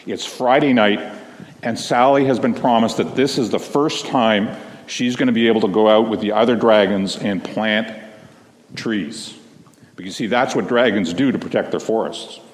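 A man, a minister, tells a children's story to a congregation in a gentle, slow storytelling manner, speaking to the children. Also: fairly low pitch, slight background noise. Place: large church sanctuary. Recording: long reverb of a big hall.

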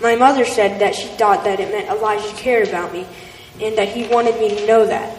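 A woman's voice: medium pitch, steady tone, a little fast. A woman reading a first-person story aloud in a plain, earnest way. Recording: distant voice in an echoey hall with faint noise.

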